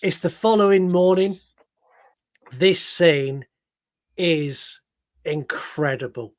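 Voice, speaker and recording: A man's voice: a little high, takes it slowly, no room sound, studio quality. A man co-hosting a casual film-review podcast, enthusiastically retelling scenes step by step with fillers. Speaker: podcast co-host.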